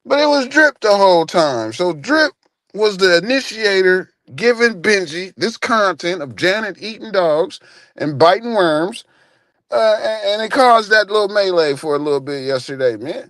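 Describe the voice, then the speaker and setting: A man's voice: sits high, lively intonation, moderate pace, fairly bright tone, dry recording. A man hosting a live stream, telling a story in a casual, profane, often laughing way.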